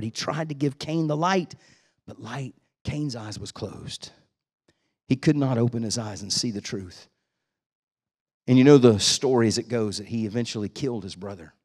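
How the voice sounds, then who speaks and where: A man preaching a sermon as pastor in a church, emphatic, swinging between quiet and loud. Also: medium pitch, breathy edge, no echo, studio quality.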